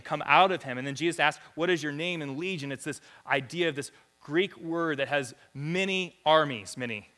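A man's voice: fairly high pitch, pushed and bright. A man preaching a sermon in a church, reading scripture and building to fervent repeated phrases. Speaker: pastor. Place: church hall.

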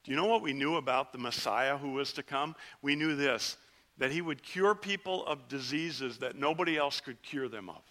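This man's voice is medium in pitch and close to how he'd normally talk, with a moderate pace. He gives a first-person dramatic sermon as a leper who was among ten, earnest in tone, a vivid storyteller who shouts his plea and then lowers to a hush.

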